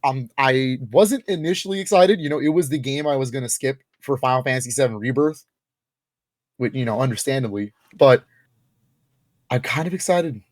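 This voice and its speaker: Recorded with studio quality and no echo, a young man in a medium pitch co-hosts a podcast in easygoing conversation. He sounds animated, laughing quickly and filling his speech with ums and likes.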